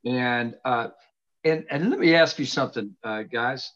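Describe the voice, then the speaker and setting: A man's voice: mid-range voice, fairly bright tone. Earnest middle-aged man teaching on a dull call. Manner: earnest, expounding scripture with emphatic slow stresses. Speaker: host. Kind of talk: casual faith conversation, teaching. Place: home study with books behind him. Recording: dull lo-fi sound.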